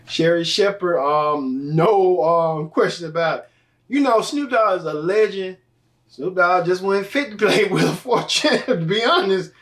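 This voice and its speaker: A man with a slightly higher voice hosts a casual gossip show and rambles loosely, with fillers and self-corrections. He sounds set back from the microphone. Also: animated, a little slow, recorded from a distance. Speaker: host. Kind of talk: casual entertainment news talk.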